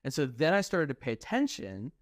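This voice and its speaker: A man's voice: medium pitch, fairly quick, no echo. A young man co-hosting a podcast, chatting casually and venting with lots of swearing. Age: young adult. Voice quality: profane, animated venting. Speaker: podcast co-host. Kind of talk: casual chat.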